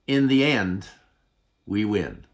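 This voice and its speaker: Slow, deliberate male preacher. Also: on the low side, sing-song. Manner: slow, deliberate delivery with dramatic pauses; drops to a soft, hushed voice for tender points. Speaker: pastor. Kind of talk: sermon.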